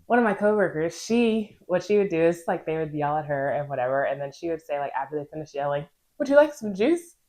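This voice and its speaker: A woman's voice: low voice, steady tone, fast talker, few pauses, darkish tone. A young woman, a nurse co-hosting a casual podcast, chatting with frequent laughs. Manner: laughs often, acts out quoted lines in a raised voice. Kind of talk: casual chat.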